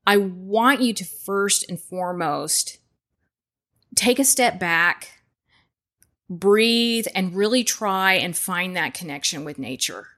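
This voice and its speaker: A woman's voice: medium pitch, fairly bright tone. A woman hosting a podcast, talking casually and earnestly, reassuring listeners with many fillers and restarts. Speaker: podcast host.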